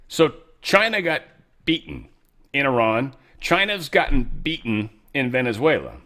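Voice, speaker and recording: A man's voice: mid-range voice, fairly bright tone. A man hosting casual political commentary, rambling and profane with sarcastic asides. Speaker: show host.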